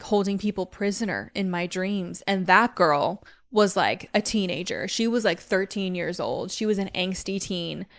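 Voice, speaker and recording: A woman's voice: medium pitch, clean tone. A young woman hosting a podcast, talking candidly about therapy and faith, with many "like" fillers. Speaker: podcast host. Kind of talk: personal faith talk.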